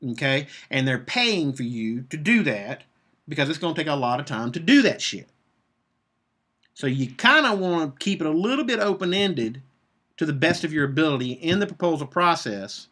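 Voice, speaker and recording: Fairly high-voiced guy, blunt and cussing, coaching agency folks live, keeps saying okay?. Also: expressive, normal speed, bright, forceful tone. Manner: blunt, profane, emphatic with repeated "okay?". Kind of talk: Facebook Live business coaching talk.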